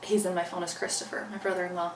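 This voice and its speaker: Rapid-fire and fairly flat, a woman's low-leaning voice tells a personal story during an interview, earnestly reenacting what she said back then. The mic sounds far away in a roomy space with faint background noise.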